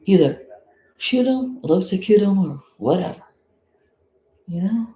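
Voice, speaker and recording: South florida lady vlogging, blunt and mad, slow talker, echoey room. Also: mid-range voice, expressive, warm tone. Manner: blunt and indignant, swears freely. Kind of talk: casual live commentary.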